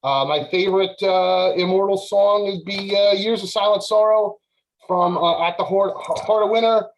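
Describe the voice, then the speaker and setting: Higher-pitched male panelist, rambling, animated storytelling. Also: moderate pace, low-quality recording. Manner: animated, lots of filler words. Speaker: podcast panelist. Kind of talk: casual storytelling.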